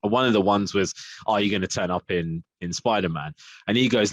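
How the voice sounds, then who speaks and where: A man's voice: lowish voice, a little fast, muffled recording. A man co-hosting a casual film podcast, rambling with lots of fillers and frequent laughs. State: frog in his throat. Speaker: podcast co-host. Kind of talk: casual chat.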